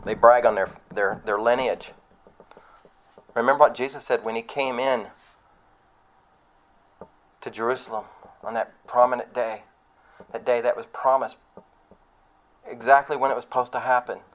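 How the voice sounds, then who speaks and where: A man's voice: mid-range voice, fairly even intonation, normal speed, long pauses. A man preaching a sermon in a conversational, emphatic way, full of rhetorical questions and mocking asides.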